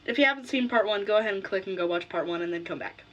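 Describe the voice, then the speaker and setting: A woman's voice: mid-range voice, animated, rapid-fire, dull audio. Blunt young woman telling a story. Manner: blunt, swears casually. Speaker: vlogger. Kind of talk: casual storytelling.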